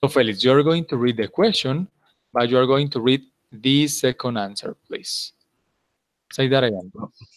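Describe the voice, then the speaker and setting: A man's voice: medium pitch, normal speed, no echo. A man teaching an English class, explaining patiently step by step and checking in with his students often. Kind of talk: online class instruction.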